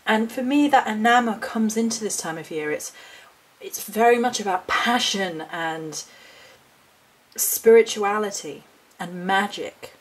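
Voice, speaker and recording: A woman vlogging about her handmade nature altars, speaking with passion in a lilting, expressive way. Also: medium pitch. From United Kingdom. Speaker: hedge witch and altar maker. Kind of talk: spiritual vlog talk.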